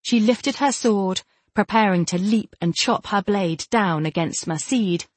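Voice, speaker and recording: Steady woman narrating a fantasy novel. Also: mid-range voice, measured pace, slightly rough, no echo. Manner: steady, even storytelling. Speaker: audiobook narrator.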